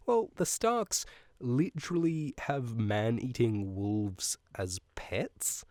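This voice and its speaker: A podcast host giving a casual, comedic book recap, rambling with profane, jokey asides and frequent laughs mid-sentence. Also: male voice, mid-range voice, expressive, normal speed, a little mellow, no echo, studio quality.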